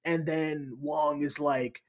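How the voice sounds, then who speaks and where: A man co-hosting a podcast in casual pop-culture chat, animated and swearing, often laughing as he retells scenes. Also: a little high, slow pace. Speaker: podcast co-host.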